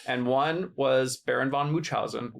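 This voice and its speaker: A man's voice: mid-range voice, a little slow, gravelly. Laid-back man on a podcast. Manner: laid-back, hesitant, stumbles over words. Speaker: podcast co-host. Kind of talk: casual chat.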